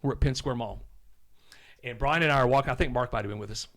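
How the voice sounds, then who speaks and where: A man in his fifties from Oklahoma, a podcast guest telling rambling stories in a casual, animated way and swearing now and then. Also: mid-range voice, fast talker. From Oklahoma, USA. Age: 50s. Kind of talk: casual storytelling.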